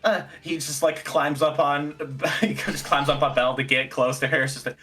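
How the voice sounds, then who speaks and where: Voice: medium pitch, steady tone, moderate pace, hardly any pauses, fairly bright tone, husky. A player at a tabletop game, giggling often while playing a starstruck young fan. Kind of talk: tabletop role-play, in and out of character.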